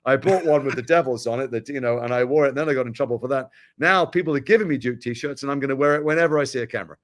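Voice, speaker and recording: A man from Britain, talking frankly and wryly as an actor guest in an interview. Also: mid-range voice. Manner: animated, wry, frank, quick-talking. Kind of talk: candid interview conversation.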